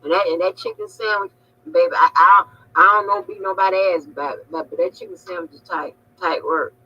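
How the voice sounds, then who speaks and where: A woman, hosting and telling a story in a casual phone chat, laughing loudly as she goes. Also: fairly low pitch, a little fast, slightly rough. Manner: animated, laughing, loud storyteller who calls people honey and baby. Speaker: channel host on a phone call. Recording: lo-fi audio.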